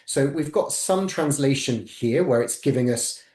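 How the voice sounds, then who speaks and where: A man's voice: medium pitch, expressive, a little slow, darkish tone. A man gives an academic webinar in a mid-range voice, stepping methodically through one slide after another. His voice carries a roomy echo around it. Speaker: webinar presenter.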